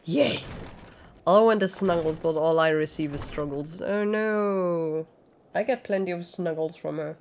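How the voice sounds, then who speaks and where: Playful, slow-talking woman streamer. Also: on the low side, darkish tone. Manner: playful, giggly, baby talk to her dog. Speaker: game streamer. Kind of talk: casual live-stream chat.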